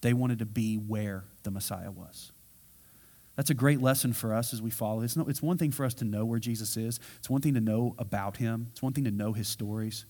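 A man preaching a sermon as pastor, telling a Bible story with animated delivery and acting out the characters' lines. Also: lowish voice, brisk. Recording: reverberant hall sound.

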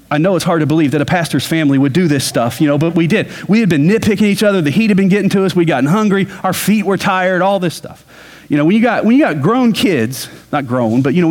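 A man's voice: a little high, darkish tone. A middle-aged man, a pastor, preaching a sermon in a conversational way, often repeating words and adding folksy asides. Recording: long hall reverb.

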